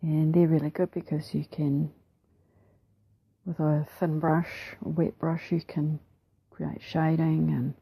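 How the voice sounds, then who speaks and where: A woman with a New Zealand accent narrating her craft process over a time-lapse, soft-spoken and relaxed, often slipping into a whisper, a little self-deprecating. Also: low voice, takes it slowly, gravelly, slightly rough, no room sound, rough recording. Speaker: mixed media artist.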